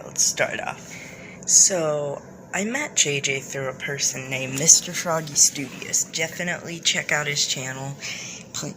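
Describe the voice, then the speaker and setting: A man's voice: a little high, noisy background. A man telling a story casually to viewers, rambling with many restarts. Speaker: video creator.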